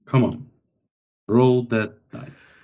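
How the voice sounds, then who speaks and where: A player in a tabletop game, giggly and lively. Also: mid-range voice, drawn-out words, phone-quality sound. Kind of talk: casual tabletop game chat.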